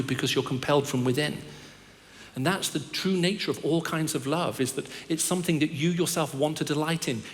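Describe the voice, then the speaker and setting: A middle-aged man delivers a sermon as a visiting preacher, pitched a little higher than most men. He weaves stories and dry self-deprecating jokes into his point. His voice rings out through a large church hall with a long reverb tail. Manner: storytelling with humor and self-deprecating asides. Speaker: guest preacher.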